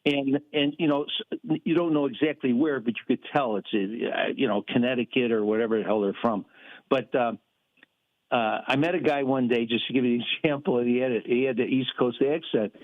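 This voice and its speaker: A man's voice: mid-range voice, a little fast. A man calling in to a radio show, telling a rambling, folksy story with lots of fillers. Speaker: caller. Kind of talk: phone-in storytelling. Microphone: telephone. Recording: tinny phone line.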